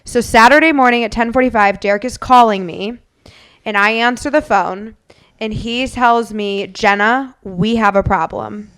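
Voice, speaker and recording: Woman podcast co-host, animated anecdote, fairly high voice, smooth and clear. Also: normal speed. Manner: lively anecdotal storytelling, acting out quotes. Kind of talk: casual storytelling chat.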